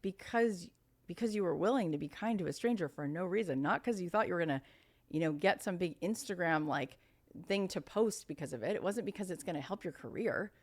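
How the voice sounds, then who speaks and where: A middle-aged woman, a podcast guest and author, telling a personal story in casual conversation, animated and earnest, acting out other people's lines. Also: fairly low pitch, fairly quick. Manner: earnest, spiritual reflection.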